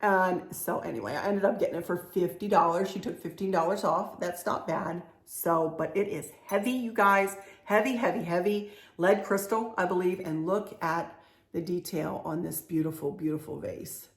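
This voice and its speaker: A woman's voice: fairly low pitch, normal speed. A middle-aged woman, talking through a home decor haul in a chatty, confiding way. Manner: chatty, confiding, laughs often. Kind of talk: casual show-and-tell haul video.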